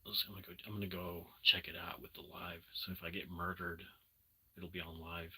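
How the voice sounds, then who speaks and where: A man's voice: deep voice, little pitch movement, brisk, sharp tone, slightly rough. A man casually chatting with viewers on a late-night live stream from home, loose and casual, swearing and groping for words.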